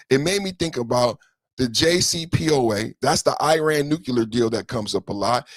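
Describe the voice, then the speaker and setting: A man hosting a podcast, giving a passionate political monologue with lots of repetition. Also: no room sound. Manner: impassioned, repetitive, shifts between low brooding and loud outbursts. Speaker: podcast host.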